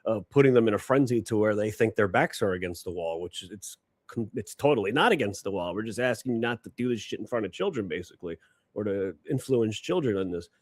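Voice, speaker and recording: A man's voice: fairly low pitch, fast, dry recording. A man co-hosting a political live stream, talking bluntly and casually with frequent swearing. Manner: blunt and animated, swears freely, often laughs. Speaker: co-host.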